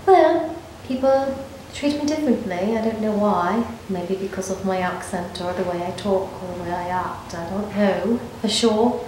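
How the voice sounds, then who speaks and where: An actress performs a dramatic monologue as a nervous, evasive young woman on the run, rambling defensively with nervous laughs. Her mid-range voice has a darkish tone and moderate pace, close to an everyday voice. The recording has a little hiss or hum and sits in a very echoey room.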